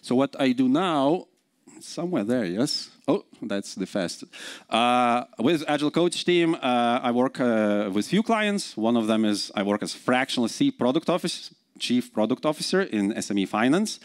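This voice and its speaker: A man's voice: fairly low pitch, no room sound. A man in his forties with a Lithuanian accent, giving a live conference talk, chatty and full of fillers, often quizzing the audience. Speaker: conference speaker.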